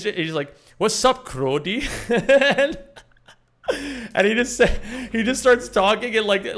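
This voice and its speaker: A man's voice: sits high, a bit bright. A young man live-streaming a game, chatting casually and rambling, swearing often and reading chat aloud.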